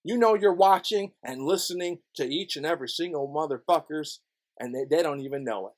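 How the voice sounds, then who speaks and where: A man ranting angrily into the camera, swearing constantly and swinging between low mutters and loud outbursts. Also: fairly quick. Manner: profane, swings from mutters to shouts. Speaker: video blogger. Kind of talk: angry ranting monologue.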